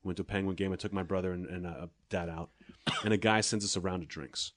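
A man with a lowish voice, speaking quickly and with a dry, sardonic edge. He is a comedian trading stories in a relaxed conversation and sometimes jumps into quick impressions of the people in them. The sound is close and dry, with no room around it. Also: dry recording. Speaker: stand-up comedian guest. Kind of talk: casual chat.

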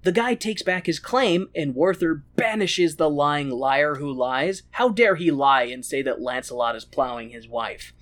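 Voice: mid-range voice, lively intonation, a little slow, hardly any pauses, a bit bright. A podcast host recapping a film in casual chat, crude and sarcastic.

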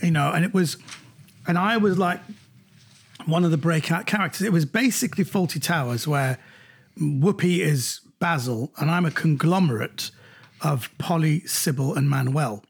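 A middle-aged man, a comedian, recounting anecdotes in an animated way during an interview. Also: normal speed, breathy edge. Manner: animated anecdotes, jumps higher when quoting others. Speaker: comedian guest. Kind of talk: storytelling in an interview.

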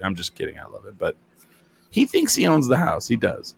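A man's voice: mid-range voice, wildly swooping pitch, a little fast, vocal fry. A man telling a rambling, laughing story in casual chat, swearing freely.

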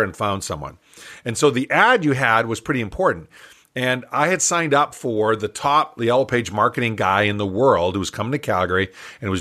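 An older man, an entrepreneur guest in an interview, telling a story in a lively, animated way with frequent laughs. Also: lowish voice.

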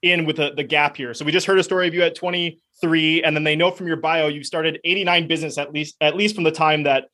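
A male podcast host with a voice a little higher than most men's. He moves the talk along in a relaxed, friendly way, setting up a question for his guest. He speaks in plain, casual conversation. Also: quick pace, hardly any pauses. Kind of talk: casual chat.

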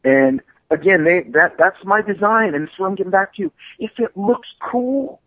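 Brief: high-voiced man, comic artist guest, animated rambling chat, dry close sound. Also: normal speed, no echo, rough recording. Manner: rambling, animated, profane storytelling. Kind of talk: casual podcast chat.

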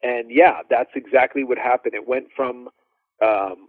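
A male drummer telling animated stories as a podcast guest, with lots of fillers and restarts. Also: mid-range voice, measured pace, dry recording. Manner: animated, laughing storyteller, many fillers. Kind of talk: casual storytelling interview. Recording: dry phone-like line.

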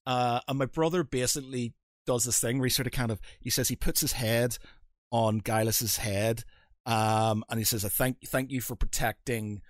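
A man's voice: medium pitch, steady tone, moderate pace, no room sound, clean studio sound. A man, co-hosting a casual podcast chat, rambling and laughing often as he retells a game session. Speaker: podcast co-host.

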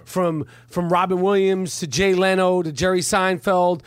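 A man in his forties telling stories on a live podcast, profane and excitable, tripping over his words with constant restarts. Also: high-pitched, normal speed, clear, resonant tone, no room sound. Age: 40s. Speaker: guest storyteller at a comedy club podcast.

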